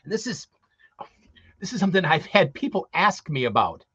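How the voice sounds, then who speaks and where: A slightly high-voiced man talks earnestly about performing as Santa and often circles back and restarts his sentences. The sound is muffled and lo-fi. There is no room echo at all. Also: very animated, moderate pace, bright, forceful tone, breathy edge. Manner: earnest, rambling with repeated restarts. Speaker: co-host, Santa performer and magician. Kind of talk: casual live-stream talk.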